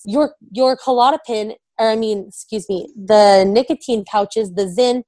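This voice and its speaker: A woman's voice: mid-range voice, unhurried, a little mellow, no echo. A young woman candidly telling an emotional personal story, often quoting herself and her husband. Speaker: guest, wife of a recovering addict.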